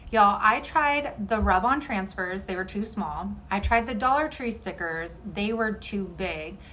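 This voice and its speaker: A woman's voice: mid-range voice, a bit bright, a little hiss or hum, rough recording. A woman chatting through a home decor DIY tutorial in an upbeat, friendly way, often saying "y'all". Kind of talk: casual tutorial narration.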